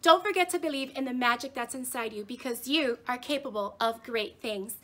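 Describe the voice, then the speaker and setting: A young woman teacher vlogger unboxing gifts in a casual chat, gushing and excitable, often saying "like". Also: on the high side, brisk. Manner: gushing, excitable, says like a lot. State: tearful, emotional.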